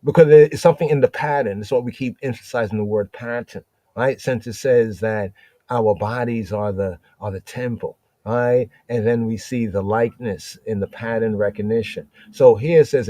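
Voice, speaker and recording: Dark-voiced man teaching scripture. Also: fairly low pitch, moderate pace, dry recording. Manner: thinking aloud, repeating words, frequent "right?" checks. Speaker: Bible teacher. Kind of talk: live-streamed scripture study.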